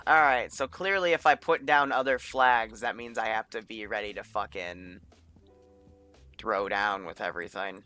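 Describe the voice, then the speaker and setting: A man's voice: fairly low pitch, moderate pace, bright, forceful tone, soft background music. A man running a multiplayer military game session, thinking aloud in an offhand way and swearing casually. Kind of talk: casual gameplay commentary.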